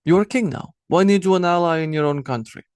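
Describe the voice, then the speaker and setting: A man voicing a sharp-tongued, jealous queen in an audiobook, speaking reproachfully with a raised voice. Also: mid-range voice, lively intonation, unhurried, no echo, studio quality, lightly acted. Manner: reproachful, pointed questions.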